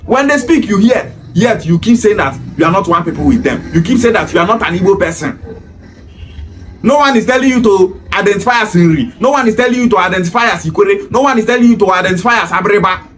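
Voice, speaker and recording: A man's voice: high voice, animated, quick pace, soft background music. A Nigerian man speaking English with Pidgin phrases, delivering a scolding monologue full of repeated rhetorical questions. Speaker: commentator. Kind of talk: ranting monologue.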